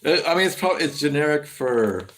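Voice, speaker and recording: A man's voice: on the high side, lively intonation, moderate pace, a bit bright. An American man from California, chatting casually on a livestream, rambling and swearing a lot with plenty of fillers as he answers chat. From California, USA. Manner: rambling, profane, lots of fillers.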